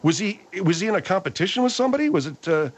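A man's voice: high voice, big pitch swings, rapid-fire. A man hosting a comic radio talk show, sardonic and argumentative with his callers.

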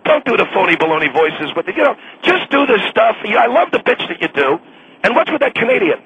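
A fuming radio station boss who rants and scolds with mounting exasperation, as a man puts him on. His voice sits unusually high and swoops about, rough and raspy throughout. He sounds like a bit from a radio comedy sketch. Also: huge pitch swings, fairly quick, a bit bright, full character voice, poor audio. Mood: exasperated. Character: irate middle-aged male radio station boss.

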